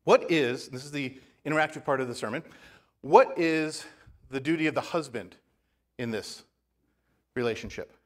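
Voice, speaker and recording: A man pastor giving a sermon, telling a story in a relaxed, conversational way with asides to the congregation. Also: medium pitch, moderate pace, pauses often. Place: church.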